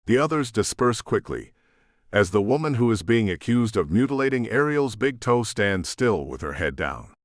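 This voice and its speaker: Low-voiced man narrating expressively. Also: sing-song, moderate pace, dry recording, clean studio sound. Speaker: audiobook narrator. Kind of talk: scripted narration.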